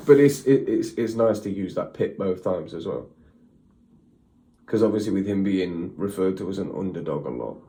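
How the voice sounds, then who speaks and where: A low-pitched man speaks in loose commentary for his reaction channel. He repeats phrases, trips over his words and works his ideas out aloud. His voice rings in a roomy space over a faint hiss. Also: darkish tone, far from the mic. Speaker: reaction video host. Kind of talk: casual commentary.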